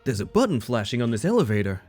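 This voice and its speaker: An Australian man streaming a horror game, chatting with viewers in a playful, rambling, self-mocking way that swings between goofy and deadpan. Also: medium pitch, fast, faint music behind. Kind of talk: casual live-stream commentary.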